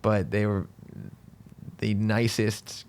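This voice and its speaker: A man's voice: on the low side, flat delivery, slow, darkish tone, a little hiss or hum. A man, a comedian guest, telling a rambling, self-deprecating story in casual podcast chat, full of "like" and "dude".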